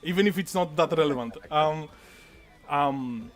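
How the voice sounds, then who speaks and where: A man with a fairly high voice runs a tabletop game as game master. He rambles through details, stops himself with fillers and adds asides as he goes. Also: a little slow.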